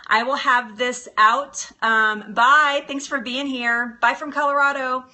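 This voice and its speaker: A woman's voice: high-pitched, steady tone, unhurried, sharp tone. A woman hosting a live cooking stream from her kitchen, chatting in a bubbly way and answering viewers' comments. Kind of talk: casual live-stream chat.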